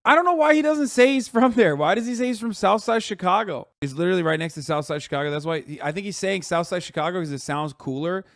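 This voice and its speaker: A man's voice: high-pitched, fast, hardly any pauses, no echo, clean studio sound. A man streaming a reaction video, mocking and laughing at what he watches and swearing freely. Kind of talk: casual reaction commentary.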